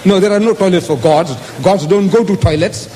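A man's voice: high voice, fairly quick, dark tone. A man giving an emphatic lecture on scripture, quoting verses aloud in shifting voices. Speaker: speaker in a religious debate. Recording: hall with long reverb.

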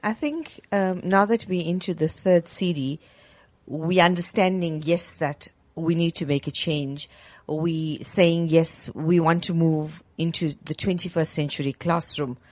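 A woman hosting an interview, asking calm, direct questions. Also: deep voice, measured pace, dry recording. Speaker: host.

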